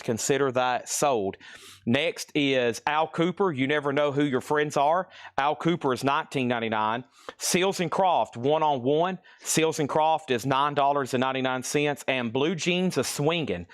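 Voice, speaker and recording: A man's voice: medium pitch, no room sound. Guy running a live record auction, kinda winded, rattling off prices, dry close sound. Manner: brisk, rattles off titles and prices. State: out of breath. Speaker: host selling vinyl records live.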